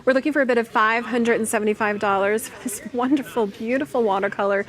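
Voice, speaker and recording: A woman's voice: on the high side, fairly even intonation, fast. A woman hosting a televised art auction in a studio, upbeat, repeating the bids and the phone number. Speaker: auction host.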